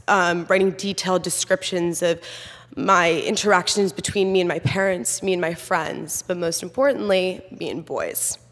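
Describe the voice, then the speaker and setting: Nervous young woman telling a personal story. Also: lowish voice. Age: 20s. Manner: candid, frequent "um" fillers. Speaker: student speaker. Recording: long hall reverb.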